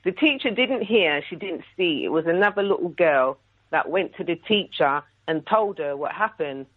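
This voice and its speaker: A woman with a lowish voice, speaking at a moderate pace, calls in to a radio talk show to tell her story. She's indignant and animated, acting out the other people's dialogue as she goes. The audio is thin and tinny, like a phone line.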